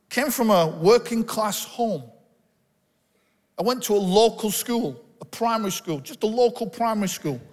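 A man's voice: sits high, long reverb tail. A man with a northern English accent from Bolton, preaching a candid, conversational sermon with self-deprecating stories. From Bolton, England. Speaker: pastor.

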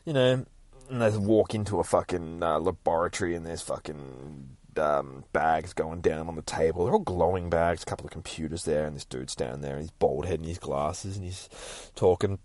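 A man hosting a podcast, retelling a comic in an excitable, heavily swearing casual way with shouted sound effects. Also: very deep voice, normal speed, dry recording. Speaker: podcast host.

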